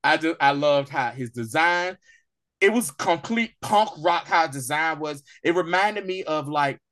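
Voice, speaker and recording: A man in casual review-chat mode, his voice sitting a bit high for a man. He talks in loose, rambling runs with fillers and often jumps up into excited, laughing impressions of the characters. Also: measured pace. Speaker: podcast co-host.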